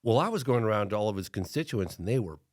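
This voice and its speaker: Middle-aged man, documentary filmmaker guest on a podcast, low voice, dead-dry close mic, animated storyteller who mimics the people he quotes. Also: fast talker, dry recording. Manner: acts out other people's lines in changed voices.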